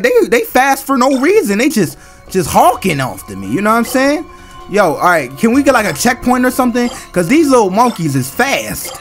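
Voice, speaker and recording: A man narrating his own horror game playthrough in loose, slangy talk, breaking into screams whenever something jumps out. His pitch swings widely. Game music plays faintly underneath. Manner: excitable, screams at jump scares, slangy banter with the game. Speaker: gaming channel host. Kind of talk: let's-play commentary.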